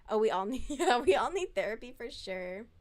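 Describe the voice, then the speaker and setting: A woman's voice: fairly high pitch, sing-song, a little fast. A woman talking in a casual, chatty way on a live stream, answering chat messages and swearing freely.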